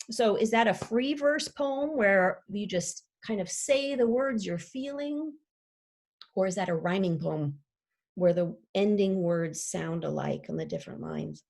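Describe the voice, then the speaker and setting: A woman teacher pausing her read-aloud to ask young listeners gentle questions. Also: mid-range voice, vocal fry. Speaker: teacher reading to children.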